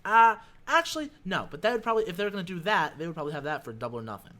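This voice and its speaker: A man talks quickly with a lively, swinging pitch, trading blunt opinions in a casual podcast chat. His voice is bright and forward. He co-hosts the show. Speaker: podcast co-host.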